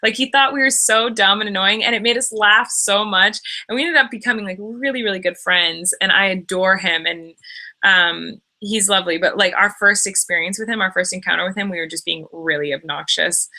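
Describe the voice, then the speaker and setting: A young woman hosts a late-night live stream from home in a bright, forceful voice. She chats casually, gushes about her friends and fills the gaps with "um" and "like." Her pitch sits in the middle of the usual range for women. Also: moderate pace, vocal fry. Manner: chatty and gushing, with many fillers and quoted voices. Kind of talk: casual chat.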